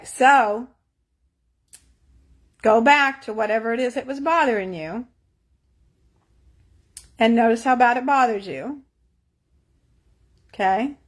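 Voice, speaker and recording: A woman with a fairly high voice leads a live tapping session. She speaks in slow, calm, repeated instructions, coaxing listeners to let go. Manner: slow, soothing, repetitive guiding instructions. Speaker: tapping coach.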